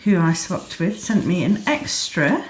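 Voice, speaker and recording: A woman in her thirties talks through her vlog in a low, homely voice, sleepy and yawning. She gushes happily over little pretty things as she chats. Faint room noise sits behind her. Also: sing-song, unhurried. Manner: chatty, gushing over small pretty things. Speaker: yarn dyer and vlogger. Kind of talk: casual vlog chat. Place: home, craft room.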